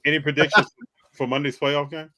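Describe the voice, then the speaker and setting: A man's voice: a little high, little pitch movement, a little fast, pushed and bright, dry recording. A man hosting a casual live-stream chat, talking in an upbeat, hyping way. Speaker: host.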